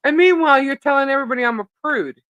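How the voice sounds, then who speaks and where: A woman's voice: sits high, rapid-fire, fairly bright tone, no room sound, muffled recording. A woman co-hosting a live stream, telling a rambling story in casual chat, laughing often and filling with "uh" and "like".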